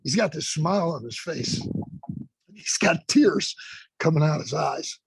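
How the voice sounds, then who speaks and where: A man guest on a podcast, a fire training instructor telling stories in an emphatic, profane, animated way. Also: a little high, a little slow, vocal fry, slight background noise, poor audio. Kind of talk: casual podcast storytelling.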